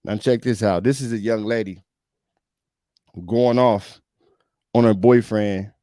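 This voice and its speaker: A man's voice: on the low side, fairly even intonation, unhurried, dark tone, no echo, studio quality. A male podcast host giving emphatic, preachy reaction commentary on a video, often repeating himself.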